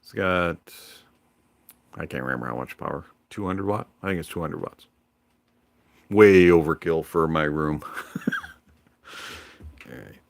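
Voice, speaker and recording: A man hosting a livestream in a relaxed, rambling manner, pausing often on fillers. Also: very deep voice, gravelly. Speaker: livestream host. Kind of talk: casual livestream chat.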